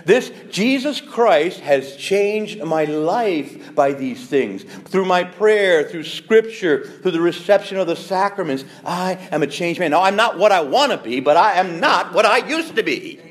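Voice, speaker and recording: A man in his fifties, a priest giving an animated, emphatic sermon with quoted asides. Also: high voice, unhurried, few pauses.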